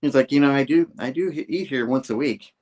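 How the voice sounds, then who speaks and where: Walking through a comic book scene by scene, a man casually voices the characters' lines loosely as he goes. He speaks briskly in a mid-range voice with a darkish tone, keeping it conversational.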